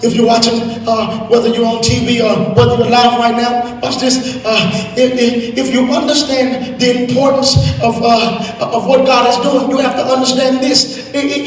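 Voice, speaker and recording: A man preaching a sermon as pastor, rising into shouted and sung climaxes and stretching out words. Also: extremely high pitch, a little hiss or hum. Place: church sanctuary. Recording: echoey church hall from far off.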